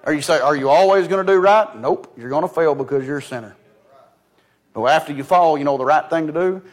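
A fairly quick-talking preacher from the United States delivers a down-home sermon in a fairly high-pitched voice. His stories keep circling back to "he said," and his volume rises to forceful proclamations before dropping to hushed remarks.

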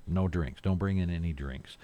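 A man's voice: sits low, normal speed, mellow. A man hosting a small-town morning radio show, chatting casually and rambling through announcements and jokes. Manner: folksy, rambling, jokes and chuckles. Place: radio studio.

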